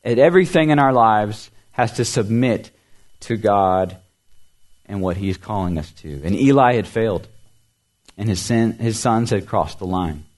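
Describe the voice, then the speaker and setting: A male pastor preaching with a somewhat low voice. He speaks earnestly, repeating words for emphasis. His voice lifts on key phrases and falls soft and quiet at the ends of thoughts. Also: expressive, measured pace. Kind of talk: sermon.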